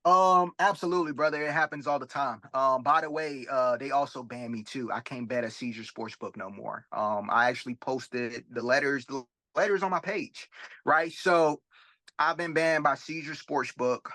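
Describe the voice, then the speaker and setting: Bright, forceful man telling a story. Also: mid-range voice, moderate pace, no echo. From Florida. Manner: animated, profane, acts out quoted dialogue, frequent tag questions. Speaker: rapper and sports bettor, guest. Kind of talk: casual interview storytelling.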